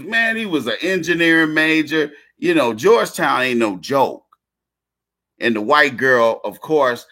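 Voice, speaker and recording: A man's voice: mid-range voice, fairly bright tone. A man delivering a casual monologue rant, blunt and slangy, repeating himself and restarting phrases.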